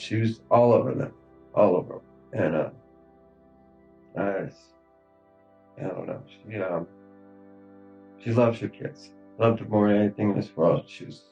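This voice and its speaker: A man in his thirties speaking in a recorded police interview, halting and grief-stricken, with many fillers and trailing pauses. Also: on the low side, vocal fry, a little mellow, muffled recording. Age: 30s.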